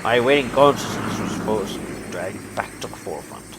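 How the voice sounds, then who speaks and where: A man hosting a let's play, reading a visual novel aloud with animated laughing asides and swearing, with traffic noise behind. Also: fairly low pitch, a little fast.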